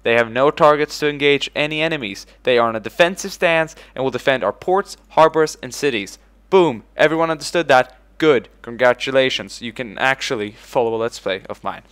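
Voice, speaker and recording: Excitable man narrating a strategy game. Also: brisk, hardly any pauses, clean tone. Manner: excitable, swears casually, shouts "boom" when giving orders; talks to in-game units as if they were his troops. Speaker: let's play host. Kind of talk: casual gameplay commentary.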